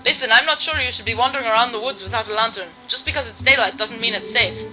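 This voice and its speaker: A woman's voice: on the high side, quick pace, close to an everyday voice, rough recording. Woman playing a chatty lantern-oil seller. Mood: salesy. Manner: folksy sales patter. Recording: game music behind the voice.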